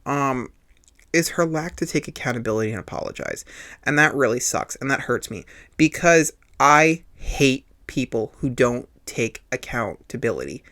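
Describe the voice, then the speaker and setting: Earnest and confessional, this man hosts a podcast and shares a personal story, frequently repeating himself to stress a point. His voice is medium-pitched, pushed and bright, with lively intonation and a moderate pace.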